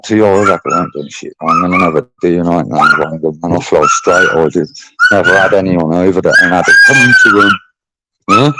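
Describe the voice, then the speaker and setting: A man's voice: on the low side, very noisy. A middle-aged man rambling bluntly and swearing in casual livestream chat. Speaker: channel host.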